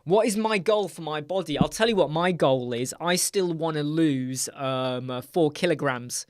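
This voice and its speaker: A man hosting a live Q&A stream, chatty, rambling and quick to get excited as he reads out and answers viewers' comments. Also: a little high, no room sound, clean studio sound. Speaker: host.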